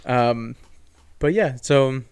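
A man in relaxed, rambling conversation on a home podcast, his voice smooth and clean. The sound is dry and close, with little room around it. He talks loosely, with fillers and false starts. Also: mid-range voice, very slow, dry recording. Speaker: podcast co-host. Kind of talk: casual chat.

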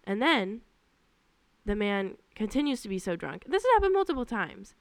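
A young woman hosting her own podcast, telling work stories in a casual, animated and exasperated way. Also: mid-range voice, moderate pace, no room sound. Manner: animated, exasperated, lots of fillers. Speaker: podcast host. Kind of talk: casual storytelling monologue.

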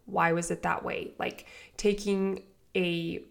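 A woman with a hoarse voice from a cold, hosting a podcast as a life coach and chatting straight to her listeners. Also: on the low side, little pitch movement, slow. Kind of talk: casual solo podcast talk.

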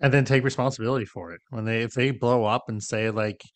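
Low smooth guy on a podcast, explains stuff, keeps saying right?, dry close sound. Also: steady tone, fast talker, dry recording. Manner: explanatory, checks in with frequent "right?". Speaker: podcast co-host. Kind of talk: casual conversation.

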